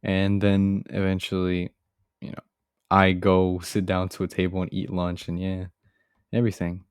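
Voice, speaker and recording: A young man with a low, deep voice tells a childhood story in casual storytime fashion. He rambles, leans on fillers and sounds a bit sheepish, recorded close and dry with no room sound. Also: monotone, moderate pace, smooth, no room sound. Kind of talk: casual animated storytime narration.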